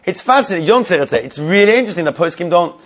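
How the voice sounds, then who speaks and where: A man's voice: sits high, animated, racing, background noise. A man teaching a religious law class to a live group, repeating key points and putting questions to his listeners.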